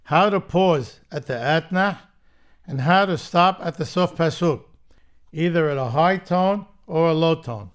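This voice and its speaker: Man, chanting teacher, unhurried, smooth clear voice, patient step-by-step lesson, slow chanted verses. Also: on the high side. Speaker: cantillation teacher.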